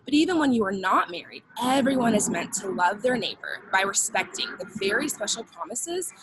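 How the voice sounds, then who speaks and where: A woman's voice: fairly high pitch, lively intonation, brisk, noisy background. A young woman teaching children a Bible lesson in an upbeat way, leading call-and-response with them.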